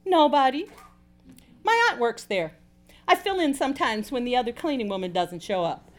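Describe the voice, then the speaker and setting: A woman's voice: a little high, expressive, moderate pace, soft background music, pitched above the performer's own voice, lightly acted. A woman voicing a wary, gossipy young housekeeper.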